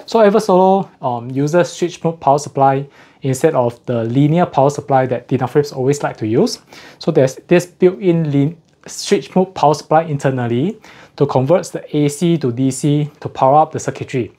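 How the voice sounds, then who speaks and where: A man with a slightly high, warm voice and a moderate pace reviews audio gear in a casual unboxing walkthrough. A bit out of breath, he explains the technical details methodically and corrects himself along the way.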